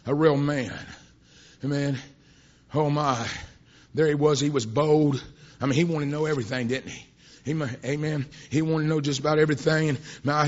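A man preaching a sermon, peppering his talk with "amen" and swinging from hushed storytelling to shouted exclamations. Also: fairly high pitch. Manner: peppered with "amen", folksy grammar. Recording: dull lo-fi recording.

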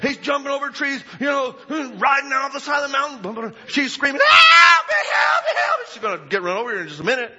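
A man preaching a sermon, telling a story in an animated way with bursts of shouting. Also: very high-pitched, quick pace, hardly any pauses, husky. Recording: echoey hall, dull lo-fi sound.

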